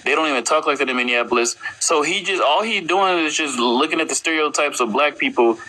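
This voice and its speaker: A man from Texas who argues in a heated, quick way during a live debate chat. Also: fairly high pitch, bright, forceful tone, rough recording.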